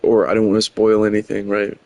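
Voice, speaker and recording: Male streamer, low-ish gravelly voice, loose rambling commentary with fillers. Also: monotone, a little fast, a little mellow, dry recording, lo-fi sound. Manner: rambling, many fillers, chuckling. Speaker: game streamer. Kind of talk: casual gameplay commentary.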